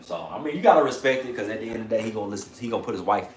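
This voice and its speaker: A man hosting a livestream in casual chat, animated, slangy and profane, laughing often. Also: on the low side, very fast, roomy sound, a little hiss or hum. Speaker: channel host on a livestream.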